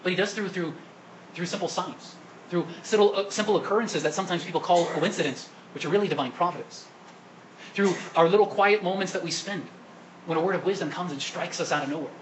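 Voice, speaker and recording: A man's voice: high-pitched, a little fast, slight background noise, low-quality recording. A man preaching a sermon at Mass as the priest, asking the congregation questions and coaxing them to answer. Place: church during Mass.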